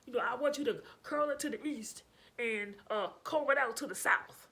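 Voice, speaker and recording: A woman voicing a stern, intimidating woman salon client who talks loud and halting, full of uh's. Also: a little high. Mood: demanding.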